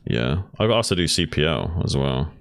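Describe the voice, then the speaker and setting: A man's voice: rumbling low, sing-song, moderate pace, smooth, no room sound. A man who casts games, chatting casually in a rambling, teasing way. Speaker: game caster. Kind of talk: casual chat.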